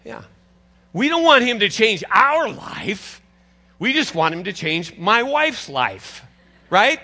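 An older male pastor delivers a sermon in a high, bright voice. His pitch swings widely as he talks to the congregation like old friends, teasing them along the way. The tone stays conversational rather than formal. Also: sing-song, slow pace.

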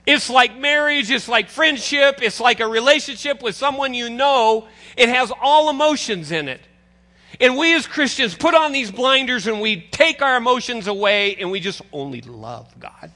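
An older man preaching a sermon as pastor, conversational and animated, teasing his congregation. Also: very high voice, normal speed.

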